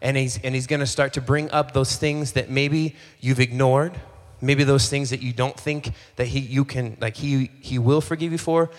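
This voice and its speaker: A man preaching a sermon as a pastor, in a relaxed, conversational way, acting out little bits of dialogue and often repeating phrases. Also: mid-range voice, normal speed, few pauses, big-room sound. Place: church hall.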